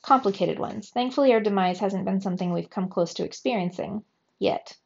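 A woman's voice: mid-range voice, brisk, gravelly, close to an everyday voice. A woman reading aloud, voicing an eager and blunt teenage boy from a fairy-tale world, on a slightly muffled recording.

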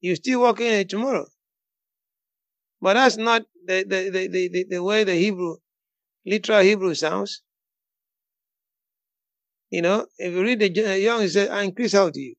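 High-voiced preacher declaring bold promises. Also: male voice, moderate pace, pauses often, no room sound. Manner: rises to bold, emphatic declarations, repeats words. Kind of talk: sermon with prayer call-in.

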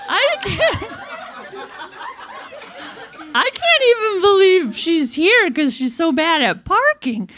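Giggly high-voiced woman doing a roast, as a comedian plays a 1950s comedy star. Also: very animated, slow pace, pauses often, a bit bright, exaggerated voice. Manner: giggly, rambling, self-deprecating. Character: comedic take on a famous 1950s female comedian. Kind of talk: live comedy roast set.

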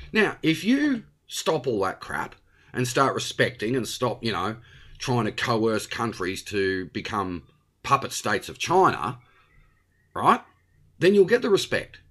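A man's voice: medium pitch, fairly bright tone, slightly rough. An Australian man hosting a blunt, opinionated monologue, full of tag questions like "okay?" and "right?". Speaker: host.

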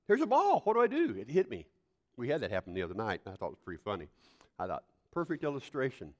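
Animated older male preacher. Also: medium pitch. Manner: animated, folksy storytelling with sudden loud outbursts. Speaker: pastor. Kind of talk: sermon.

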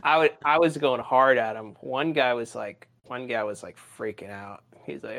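Young man, podcast co-host, rambling profane stories, loud acted-out rants, middle pitch. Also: normal speed, creaky, hardly any pauses. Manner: profane, rambling, acts out his own rants loudly. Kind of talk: casual podcast storytelling.

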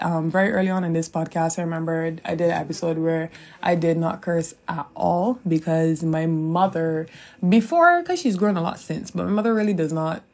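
Chatty Caribbean woman, low voice. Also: darkish tone. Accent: Caribbean English. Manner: chatty, digressive, swears freely, laughs often. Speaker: podcast host. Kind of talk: casual solo podcast monologue.

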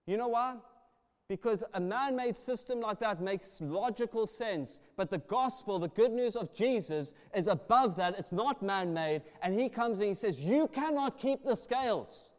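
A man preaching a sermon, passionate and swinging between soft and loud delivery. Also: high-pitched, normal speed. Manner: passionate, rising and falling in volume. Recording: long reverb of a large hall.

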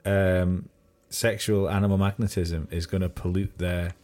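A man's voice: deep voice, level tone, a little slow, darkish tone. A man co-hosting a podcast, chatting casually and joking while watching a film, with rambling musings. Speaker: podcast co-host.

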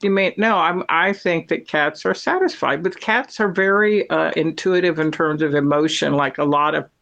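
A middle-aged woman telling a story in casual chat, chatty and animated, laughing often. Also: low-pitched, moderate pace, creaky, lo-fi sound. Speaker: cat owner telling a story.

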